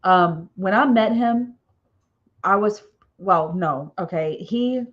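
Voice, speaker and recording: A woman's voice: mid-range voice, takes it slowly, muffled recording. A woman author hosting a casual live stream, chatting in a rambling way with frequent "okay?" tags and little laughs.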